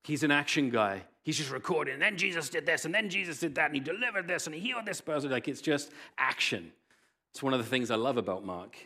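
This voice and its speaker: A man preaching a sermon as pastor, telling the story in an animated way, swinging from loud, excited bursts to hushed near-whispers. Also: a little high, fast talker.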